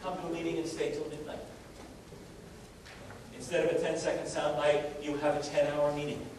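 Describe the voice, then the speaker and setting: A man's voice: fairly high pitch, normal speed. A man giving a live lecture to a room of listeners, speaking in a wry, conversational way with many fillers and restarts. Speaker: lecturer on risk communication. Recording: very echoey room, distant mic, steady noise.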